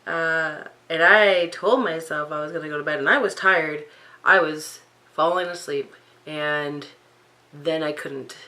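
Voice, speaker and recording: A woman's voice: sits low, measured pace, pushed and bright, poor audio. A young woman rambling in an unscripted vlog, full of fillers and restarts, sleep-deprived in the middle of the night. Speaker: vlogger.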